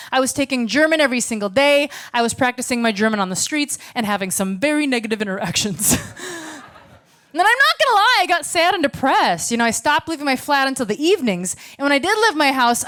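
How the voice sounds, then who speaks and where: A woman's voice: sits high, fairly bright tone. An American woman doing a stand-up comedy set on a club stage, brash, sarcastic and profane. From United States.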